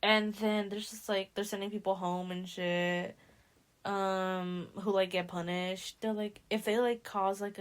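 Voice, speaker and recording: A young woman hosting a podcast, casually recapping a novel in slangy speech and acting out the characters' lines. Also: mid-range voice. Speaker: podcast host.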